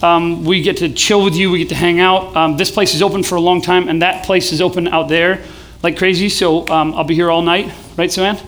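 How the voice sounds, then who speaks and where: A man's voice: high voice, steady tone, brisk. A young man preaching casually to a live audience, joking and leading call-and-response chants. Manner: casual, joking, building to shouts. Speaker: pastor. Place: event hall with live audience.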